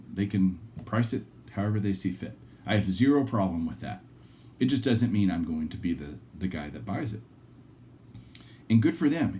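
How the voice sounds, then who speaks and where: A man with a deep, low-pitched voice talks casually to his viewers. He rambles, breaking off mid-thought and circling back. A faint hum of noise sits under his voice. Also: warm tone. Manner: rambling, talks in restarts and asides; candid and chatty with viewers. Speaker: card collecting channel host. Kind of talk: casual chat to camera.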